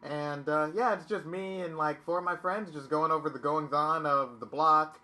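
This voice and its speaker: A man guesting on a podcast, plugging his own show in a halting, self-deprecating way with many ums. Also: a little high, steady tone, sharp tone. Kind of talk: casual plug for his podcast.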